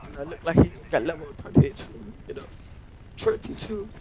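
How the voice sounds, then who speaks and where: Male gameplay commentator, high voice; profane, broken-grammar rambler, endless "you know". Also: brisk, dark tone, rough recording. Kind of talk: rambling comic storytelling over gameplay.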